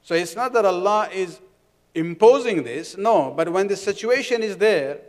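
Male preacher, slightly high voice, long hall echo, unhurried explanatory sermon. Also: expressive. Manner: explains Arabic words of scripture; measured, with fillers and restarts.

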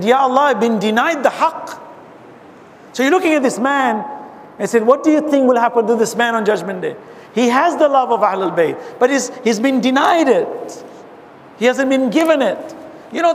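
A man's voice: very high-pitched, normal speed. A man giving an impassioned religious talk to a gathering, reciting Arabic verses between his explanations. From abroad, now living in America. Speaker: Islamic speaker. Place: hall with an audience. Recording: hall reverb, faint noise.

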